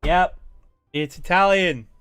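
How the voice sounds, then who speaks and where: An Australian man hosting a let's play while a little tipsy, rambling and restarting his sentences and swearing as he explains. His voice sits fairly high and sounds smooth. The recording is close and dry, with faint music underneath. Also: slow, fairly bright tone, no room sound. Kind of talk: casual game commentary.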